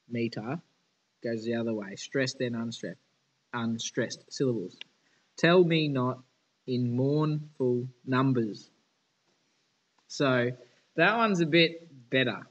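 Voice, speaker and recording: A man's voice: medium pitch, fairly bright tone, poor audio. Male teacher, informal lesson delivery, casual and candid with students. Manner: casual, chatty and frank.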